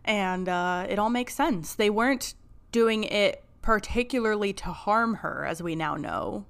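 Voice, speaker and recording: A woman's voice: medium pitch, clear, resonant tone. Chatty young woman podcast co-host. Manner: chatty, hedging, quick to laugh. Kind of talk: casual podcast discussion and recap narration.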